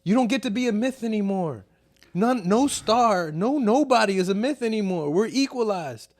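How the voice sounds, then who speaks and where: A man from Chicago, a comedian guest, telling stories in a casual podcast chat with sudden loud bursts. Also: high voice, normal speed. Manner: animated, profane storytelling with sudden loud bursts.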